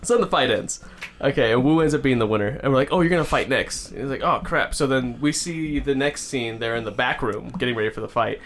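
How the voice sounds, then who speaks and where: A man's voice: mid-range voice, fast talker, a little hiss or hum. A man hosting a casual movie review chat, retelling scenes with lots of acted-out voices and laughter. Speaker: podcast host.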